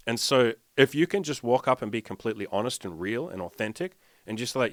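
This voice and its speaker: A man's voice: medium pitch, expressive, a little fast, hardly any pauses, a bit bright, no echo, clean studio sound. A man speaking as a dating coach in a casual monologue, blunt and profane, acting out quoted lines of dialogue.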